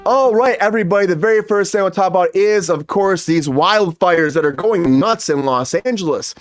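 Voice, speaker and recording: A man's voice: high-pitched, animated, moderate pace, faint music behind. A man hosting a casual comedy entertainment news show, upbeat and rambling. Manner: upbeat, rambling, hypes the channel. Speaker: host.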